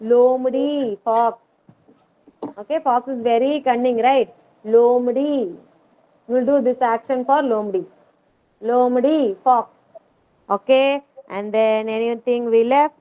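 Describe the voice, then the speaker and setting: Slow high-voiced teacher on a video call. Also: female voice. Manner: slow, patient, repeats each word pair. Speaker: kindergarten teacher. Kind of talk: online class, call and repeat. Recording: tinny video call audio.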